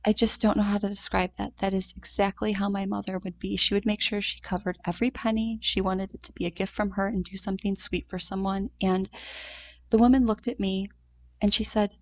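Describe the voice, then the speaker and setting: A woman in her thirties telling a personal story in a heartfelt, conversational way, with short pauses and fillers. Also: medium pitch, flat delivery. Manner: heartfelt, conversational, acts out quoted voices. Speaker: mother sharing a grief story.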